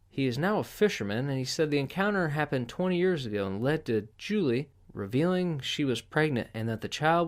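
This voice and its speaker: Profane sarcastic man riffing on news. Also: mid-range voice. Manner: crude, profane, sarcastic riffing between read headlines. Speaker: podcast host. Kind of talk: casual news commentary.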